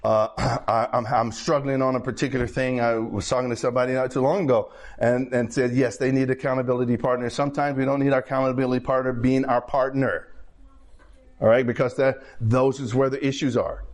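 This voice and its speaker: A man's voice: medium pitch, little pitch movement, a little fast. A man preaching a sermon in a conversational way, checking in with the congregation and repeating phrases as he builds his points.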